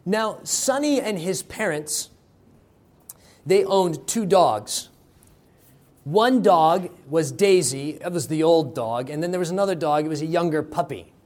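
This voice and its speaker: A man preaching a sermon, telling a story with dramatic swings in loudness. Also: fairly high pitch, animated, a little slow. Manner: dramatic, varies loudness for effect.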